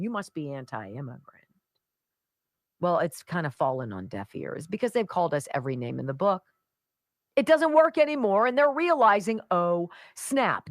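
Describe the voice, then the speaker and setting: A sarcastic woman hosting talk radio, swinging her pitch widely as she mocks her targets. Her voice sounds dry and close to the mic. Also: no room sound. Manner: sarcastic, mocking, mimics voices. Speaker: radio host.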